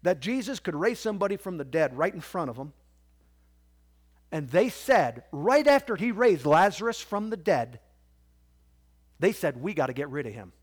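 A male preacher delivering a sermon from the pulpit. His voice sits high and moves all over the place, dropping to near murmurs before leaping into loud, squawking bursts. The delivery is loose and conversational, full of restarts and calls to the congregation. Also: sing-song, measured pace, long pauses. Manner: preacher's swings from quiet to loud, squawking parrot imitations. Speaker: pastor.

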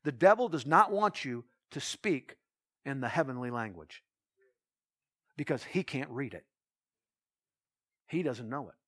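A man's voice: medium pitch, unhurried, long pauses. A man, a pastor, telling a personal story in a sermon, acting out dialogue with lots of restarts. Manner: animated retelling with quoted dialogue, restarts.

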